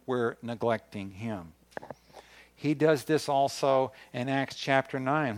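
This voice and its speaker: A man, a pastor, preaching a sermon and reading scripture aloud, rising in force on key points. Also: mid-range voice.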